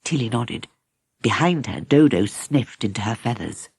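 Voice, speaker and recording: A woman narrating a children's audiobook in an expressive storybook manner. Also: very deep voice, normal speed, slightly rough, dry recording, studio quality. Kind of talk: scripted narration.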